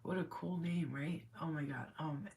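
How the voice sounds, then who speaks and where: A woman's voice: sits low, moderate pace, darkish tone, a little hiss or hum. Rambling emotional woman medium. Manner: rambling, emotional, talks to spirit and client. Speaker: spiritual medium. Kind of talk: live channeled reading.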